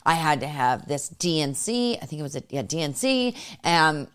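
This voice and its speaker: Woman podcast host, thirties, low-pitched, rambling and filler-heavy, casual chat. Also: big pitch swings, moderate pace, clear, resonant tone. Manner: rambling, lots of fillers like "you know". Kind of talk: casual conversational interview.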